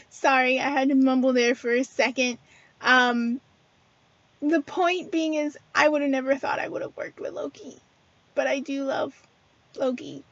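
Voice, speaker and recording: High-voiced woman chatting earnestly. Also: steady tone, unhurried, dry recording, lo-fi sound. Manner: chatty and earnest, many fillers and restarts. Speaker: spiritual video host. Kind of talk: casual spiritual talk to camera.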